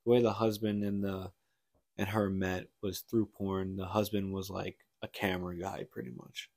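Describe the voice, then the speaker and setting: A man's voice: low voice, little pitch movement, normal speed, darkish tone, no room sound, clean studio sound. A man co-hosting a casual book podcast, rambling through a story retelling with lots of "like" and restarts. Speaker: podcast co-host.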